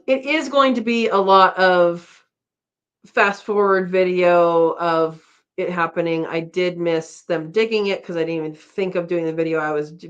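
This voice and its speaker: A middle-aged woman hosting a casual live-stream chat, rambling and laughing often as she reads out comments. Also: fairly low pitch. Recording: dull lo-fi stream audio.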